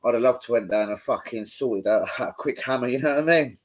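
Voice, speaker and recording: A man's voice: medium pitch, brisk. A young man, swearing and rambling in casual slang as he chats on a live stream from home into his phone. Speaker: football fan streamer.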